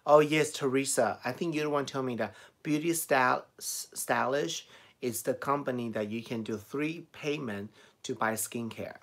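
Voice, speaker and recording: A man's voice: medium pitch, normal speed. A middle-aged man with a Chinese accent, chatting casually on a live stream, reading out and answering viewer comments and laughing often. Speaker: beauty vlogger answering live chat.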